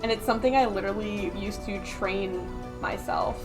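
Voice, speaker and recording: A woman from Upper Michigan with a Yooper accent, chatting casually as a streamer while gaming. Her words sound round, her consonants are soft, and she rambles and laughs often. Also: mid-range voice, moderate pace, over music. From Upper Michigan, USA. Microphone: close desk mic.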